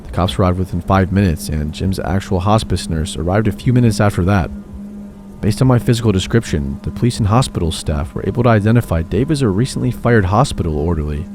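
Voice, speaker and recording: A man calmly telling horror stories in steady scripted narration. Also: fairly low pitch. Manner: calm, steady storytelling. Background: faint background music.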